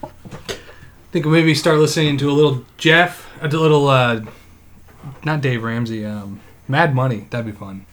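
A man chatting on a podcast, making dry, teasing jokes and short replies. His voice is at a middle pitch, with a faint hiss of noise behind him. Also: moderate pace, long pauses, a bit bright. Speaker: podcast co-host. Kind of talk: casual chat.

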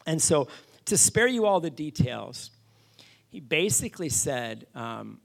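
A middle-aged man preaching, telling a story with animated, self-deprecating asides to his congregation. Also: fairly high pitch, a little slow, gravelly. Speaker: pastor. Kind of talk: storytelling sermon.

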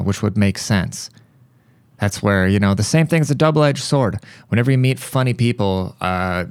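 A man hosting a podcast, telling a rambling story in a casual, profane, animated way. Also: lowish voice, no echo. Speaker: podcast host.

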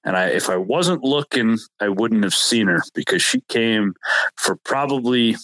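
Male host, lower register, relaxed rambling storyteller who keeps correcting himself. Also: measured pace, no room sound, rough recording. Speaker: podcast host telling a hunting story. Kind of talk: casual storytelling chat.

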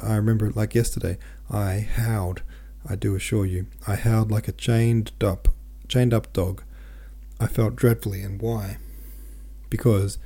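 Male audiobook reader, low gravelly voice, dark tone, gentle and steady. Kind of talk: novel read aloud.

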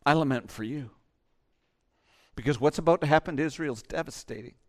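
A man preaching a sermon as pastor, impassioned, moving between loud urging and soft, hushed lines. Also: on the high side, brisk.

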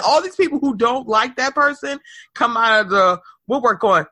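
A woman in her thirties hosting a podcast, chatting casually in an animated, sing-song way and laughing often. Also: fairly high pitch, normal speed, breathy edge, no echo. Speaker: podcast host. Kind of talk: casual chat.

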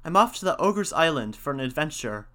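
A man's voice: a little high, very animated, a little fast, sharp tone. A man voicing a bold, cheerful young hero in a storybook reading, eager and commanding.

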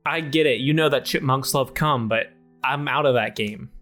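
A man's voice: medium pitch, normal speed, a bit bright, natural voice. A hot-headed chipmunk tough guy, as a man improvises him blusters and brags. His voice sits mid-range and lifts when he pushes, with faint music underneath. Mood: weary. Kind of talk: improv comedy scene.

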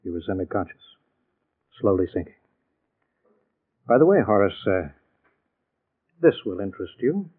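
A shrewd, calm captain with a slightly low, husky voice who probes patiently. It sounds thin and tinny, as in an old radio play. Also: male voice, moderate pace, long pauses. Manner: calm, probing. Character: calm, shrewd middle-aged police captain. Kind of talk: 1940s radio acting.

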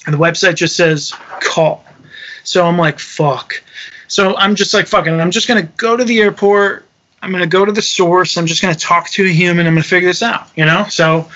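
A young man casually telling a travel story, animated and swearing freely while acting out the quotes. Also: high voice, lo-fi sound. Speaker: touring musician telling a story.

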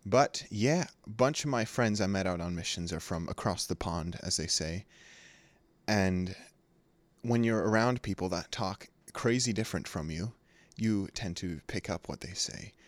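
A man's voice: sits low, normal speed, dry recording. A young man from California chatting casually as a podcast co-host, rambling and jokey, often laughing.

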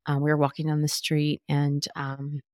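Candid low-voiced woman telling a story. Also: completely flat delivery, normal speed, darkish tone, dry recording, clean studio sound. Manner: candid, emotional storytelling with many fillers. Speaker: podcast host. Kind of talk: casual chat.

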